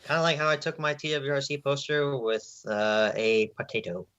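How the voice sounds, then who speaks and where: A man's voice: mid-range voice, fairly even intonation, normal speed, fairly bright tone, clear, resonant tone, muffled recording. A man co-hosting a casual podcast chat, laid-back and prone to stumbling restarts. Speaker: podcast co-host.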